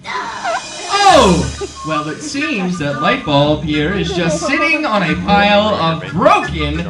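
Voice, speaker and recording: A man's voice: high-pitched, big pitch swings, measured pace. A man hosting a live comedy show on a theater stage, playful and exaggerated, laughing often. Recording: roomy sound from far off, loud music.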